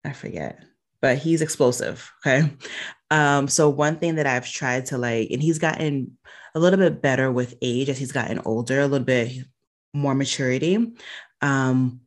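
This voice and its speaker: A woman's voice: rumbling low, fairly even intonation, moderate pace. A woman in her thirties, a podcast guest, speaking in an earnest, reflective way with frequent restarts. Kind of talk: casual conversation.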